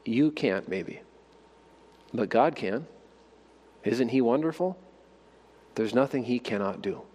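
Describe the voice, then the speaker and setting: A man's voice: medium pitch, a little mellow, big-room sound. A man preaching a sermon, asking his listeners rhetorical questions and building to emphatic exhortations. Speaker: pastor.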